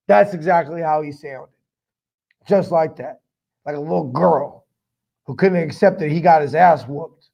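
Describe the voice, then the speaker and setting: A man's voice: a little high, measured pace, gravelly, pauses often, lo-fi sound. A man hosting a fan sports podcast, fired up, profane and rambling with lots of "I mean". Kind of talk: casual fan commentary.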